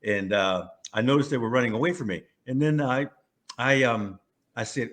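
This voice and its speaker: A man in his sixties from California, a former pro football player, telling stories in a casual interview. His delivery is animated, with frequent restarts and chuckles. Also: mid-range voice, normal speed.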